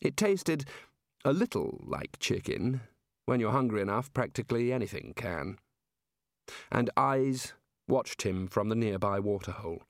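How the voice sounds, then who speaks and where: A man narrating a comic fantasy audiobook with a dry, measured comic delivery. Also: mid-range voice, dry recording. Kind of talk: scripted narration.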